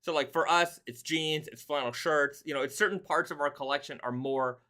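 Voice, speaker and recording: A man's voice: on the high side, brisk, pushed and bright. A man hosting a casual live stream, rambling loosely and reading viewer comments aloud. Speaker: host.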